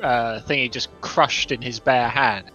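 Halting man player with a bright voice. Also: medium pitch, steady tone, muffled recording, faint music behind. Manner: halting, searching for words. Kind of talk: casual tabletop play.

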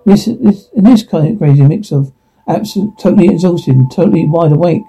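High, gravelly man reading a drama aloud. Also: brisk. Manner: flat, stumbling read with restarts. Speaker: reader voicing a whole drama. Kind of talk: reading a drama script aloud, sound cues included. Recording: dull lo-fi recording with faint music.

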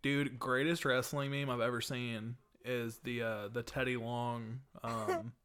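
A man's voice: medium pitch, flat delivery, unhurried, a bit bright, clear, resonant tone. A young man co-hosting a casual podcast, enthusiastic and stammering as he gushes to his friend. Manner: enthusiastic, stammering restarts, says "dude" often. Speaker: podcast co-host. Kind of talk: casual chat.

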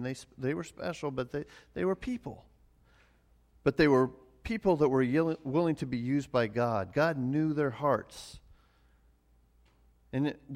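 A middle-aged man preaching a sermon as pastor, earnest and often repeating words as he starts a phrase. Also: mid-range voice.

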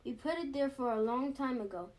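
A calm, thoughtful girl bear cub who talks things through gently, read by a woman. The voice is fairly high. It is a storybook read-aloud. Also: brisk, lightly acted. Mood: gentle.

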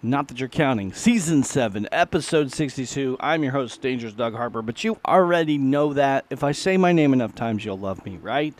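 A man's voice: mid-range voice, animated, brisk, few pauses. A middle-aged man, hosting his own podcast in a casual, folksy, self-deprecating ramble. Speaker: podcast host and musician. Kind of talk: casual solo chat.

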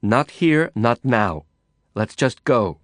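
A man's voice: medium pitch, animated, takes it slowly, no echo. Carla, a man doing a firm guarded woman. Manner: firm, clipped, snapping. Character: guarded firm young woman, tired and reluctant. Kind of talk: audiobook character voice.

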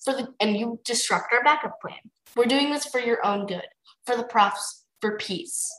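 A woman reading a novel aloud, voicing a scheming male sea dragon leader in a calm, coldly polite way. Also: a little high, moderate pace, roomy sound, natural voice, rough recording.

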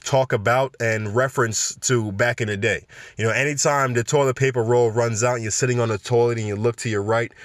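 A man's voice: mid-range voice, no echo, studio quality. Man ranting through casual news commentary. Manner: animated, slangy, rambling asides. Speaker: podcast host.

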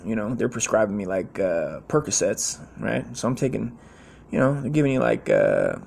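A man's voice: medium pitch, creaky, a little mellow, breathy edge. A man in his forties telling a rambling, slangy, profane story in a casual way.

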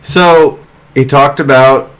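A man preaching as pastor, talking through a passage and then reading scripture aloud in a slow, measured way with emphatic lines of praise. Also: medium pitch, fairly even intonation, clear, resonant tone.

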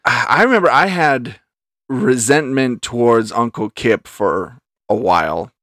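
A man with a mid-pitched voice that rises and falls a lot, chatting on a podcast. He throws in short agreeing replies and tells his own story haltingly. The sound is dry and close to the mic. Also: expressive, a bit bright, dry recording. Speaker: podcast co-host. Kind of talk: casual chat.

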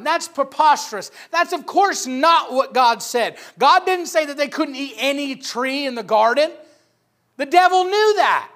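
High-voiced emphatic man preaching. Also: expressive, measured pace. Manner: emphatic, rising loud for key points. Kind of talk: sermon.

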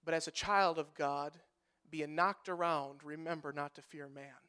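A man preaching as a pastor, swinging between hushed lines and loud, pleading outbursts, with emphatic repeated phrasing. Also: on the high side, fairly even intonation, moderate pace, smooth. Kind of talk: preaching a sermon.

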